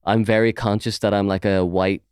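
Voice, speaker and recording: A man's voice: fairly low pitch, flat delivery, brisk, darkish tone, clean tone, dry recording, clean studio sound. A man with an Irish accent hosting a casual podcast chat, sweary and mocking as he rambles. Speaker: podcast host.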